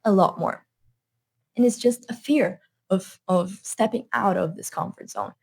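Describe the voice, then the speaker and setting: A woman's voice: mid-range voice, measured pace, vocal fry, a little mellow, slightly rough. A woman with a non-native accent, a language coach giving an earnest motivational talk to camera, repeating her points for emphasis.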